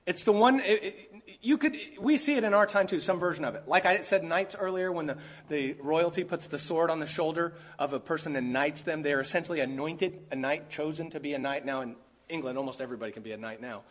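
A male preacher delivering a sermon while he is sick. His voice sits high for a man and has a husky edge. He drives his points home by piling up words one after another. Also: fast. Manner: emphatic, stacks and repeats key words.

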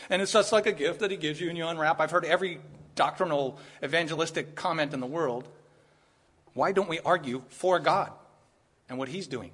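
A man's voice: a little high, fairly bright tone, breathy edge. A male pastor preaching an expository sermon in a conversational way, often checking in with "right?" and growing emphatic as his point builds.

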